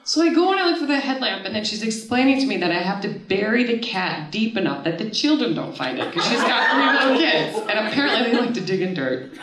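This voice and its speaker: A woman in her thirties telling a personal story on stage at a live event, casual and animated, often laughing and swearing as she goes. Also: fairly high pitch, quick pace. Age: 30s. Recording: echoey room, voice from far off the mic.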